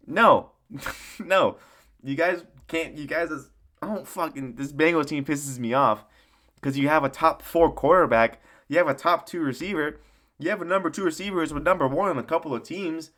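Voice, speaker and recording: A man's voice: fairly high pitch, normal speed, a bit bright. A man giving a casual, profane sports recap rant in a rambling, mocking way, often laughing at his own jokes. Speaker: sports commentator.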